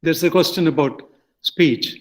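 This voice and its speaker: An older man with an Indian English accent speaks slowly in a lecture-style talk, his voice sitting fairly high for a man. He pauses often, fills gaps with "uh" and "um", and restarts and corrects his phrases as he goes. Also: low-quality recording. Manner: halting, with many fillers and self-corrections. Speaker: guest speaker.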